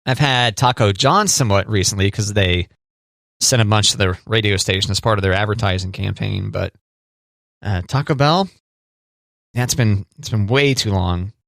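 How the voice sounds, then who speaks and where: A man's voice: fairly low pitch, normal speed, gravelly, a bit bright, no room sound, studio quality. A man hosting a podcast in casual chat, explaining things in an easygoing, wry way. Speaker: podcast host.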